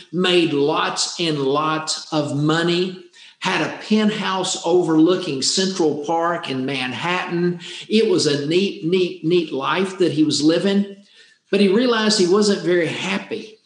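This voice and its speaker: A man telling a true life story in an earnest way, often repeating words for emphasis. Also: sits high. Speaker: speaker on happiness. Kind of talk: storytelling talk. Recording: roomy echo.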